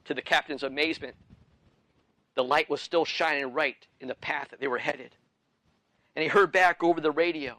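A man's voice: mid-range voice, normal speed, bright, forceful tone, rough recording. A middle-aged man preaching a sermon as pastor, earnest, with repeated phrases and frequent restarts.

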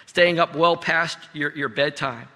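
Middle-aged pastor in a ringing hall. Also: male voice, fairly high pitch, a little slow. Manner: earnest storytelling with soft drops in volume. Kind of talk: sermon. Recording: long reverb of a large hall.

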